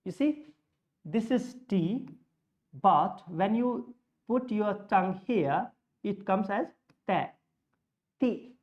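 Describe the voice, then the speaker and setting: A woman teaching pronunciation, slow and deliberate, repeating key words as she demonstrates sounds. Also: mid-range voice, lively intonation, highs cut off. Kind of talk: spoken English lesson.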